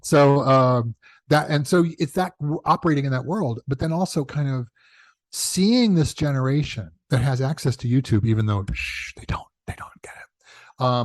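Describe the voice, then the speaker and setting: A man being interviewed as a television showrunner, telling chatty, animated stories and acting out the dialogue he quotes. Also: dry recording. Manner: animated, acts out quoted dialogue with big pitch jumps; chatty, self-correcting, laughs at own asides. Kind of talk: casual interview storytelling.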